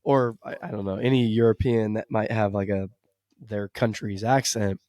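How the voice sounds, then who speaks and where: Laid-back American podcast host, dry sound. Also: male voice, fairly low pitch, fairly even intonation, moderate pace, warm tone, no room sound. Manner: laid-back, laughs often, asks questions. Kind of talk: casual podcast chat. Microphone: studio microphone.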